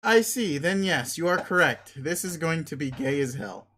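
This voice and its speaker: A man's voice: on the high side, lively intonation, moderate pace, bright, forceful tone. A man reading a webcomic aloud, voicing an arrogant, crude young male alien who talks in a pushy, sneering, blunt way. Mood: domineering.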